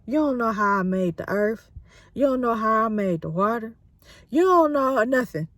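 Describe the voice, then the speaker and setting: A woman's voice: fairly high pitch, animated, moderate pace, a bit bright, no room sound, clean studio sound. A woman voicing a stern, all-knowing deity who bluntly scolds a man in slang. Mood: scolding.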